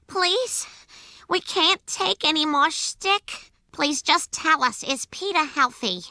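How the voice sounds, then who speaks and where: An impatient cartoon housewife pleading for a straight answer. Her voice is high and very bright, swooping widely, with a dry, close sound. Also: animated, takes it slowly, no room sound, exaggerated voice. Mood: exasperated. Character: exasperated cartoon housewife, middle-aged. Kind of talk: cartoon voice acting.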